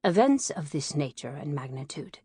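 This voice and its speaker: A woman reading an audiobook, voicing a tall, formal Nigerian man who speaks in a measured, courteous way. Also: a little high, big pitch swings, dark tone, slightly rough, no room sound, studio quality, exaggerated voice.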